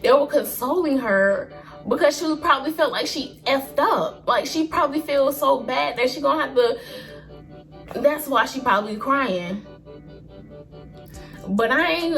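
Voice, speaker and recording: A young woman in her early twenties with a high voice, telling a vlog storytime in an animated, slangy way. Her delivery is expressive and lively. Faint music plays underneath. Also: a little slow, pauses often. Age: early 20s. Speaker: vlogger.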